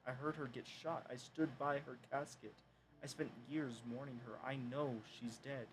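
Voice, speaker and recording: A man's voice: mid-range voice, fairly even intonation, normal speed, slight background noise, low-quality recording. A man streaming a game and reading its dialogue and journal entries aloud himself. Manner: reads all game text in his own voice, with bursts of loud exclamation. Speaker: gameplay streamer.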